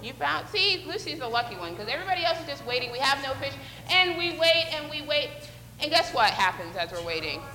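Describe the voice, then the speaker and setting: A woman leads an interactive children's Bible lesson in a church sanctuary, playfully coaxing the kids as she acts out a fishing story. Her high voice is bright and forceful, brisk, with big pitch swings. The large room gives a long, echoey reverb, with slight background noise.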